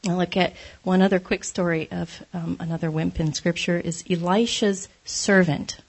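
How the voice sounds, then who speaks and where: A woman's voice: lowish voice, fairly even intonation, normal speed, husky. A woman giving a conversational devotional talk, candid and self-deprecating, laughing often as she speaks.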